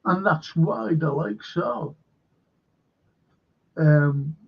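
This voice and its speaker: Gravelly Liverpool man ranting. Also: a little high, extremely slow, highs cut off. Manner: rambling, opinionated, animated when quoting others. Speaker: host. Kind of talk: casual opinion monologue.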